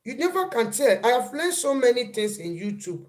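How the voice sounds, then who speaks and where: A woman's voice: a little high, big pitch swings, moderate pace. A woman hosting a casual live stream, repeating phrases and breaking off to greet viewers as they arrive.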